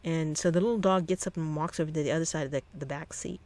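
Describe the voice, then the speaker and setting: A channel host telling a personal story in a rambling, halting way, often restarting sentences. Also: mid-range voice, steady tone, darkish tone, no echo.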